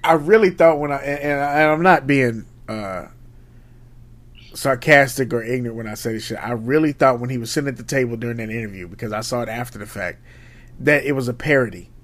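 A man co-hosting a podcast, chatting casually and profanely, often jumping into high mimicking voices. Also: brisk, a bit bright. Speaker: podcast co-host. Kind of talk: casual chat.

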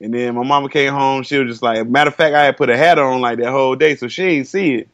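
A man's voice: mid-range voice, fast talker, fairly bright tone, no echo. A man in his thirties, a podcast co-host, telling a long story in casual chat, cursing a lot and acting out what others said. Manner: laid-back storytelling, heavy cursing, acts out quotes. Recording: dull lo-fi sound.

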